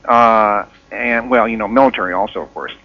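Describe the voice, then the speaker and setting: A man's voice: lowish voice, a little fast, no echo. A man calling in to a radio talk show, talking hesitantly with frequent fillers. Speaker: caller. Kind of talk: call-in radio chat. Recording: dull lo-fi radio call.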